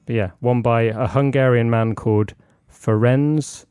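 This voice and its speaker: Male co-host, hesitant storyteller, mid pitch, dry. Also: steady tone, a little slow, darkish tone, smooth, no echo. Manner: hesitant, lots of filler, storytelling. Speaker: podcast co-host. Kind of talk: casual podcast chat.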